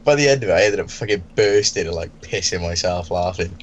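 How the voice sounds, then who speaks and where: A man's voice: low-pitched, quick pace, slight background noise. A young man swearing freely as he tells school stories in a casual chat. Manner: animated, sweary, laughs while telling. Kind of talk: casual storytelling.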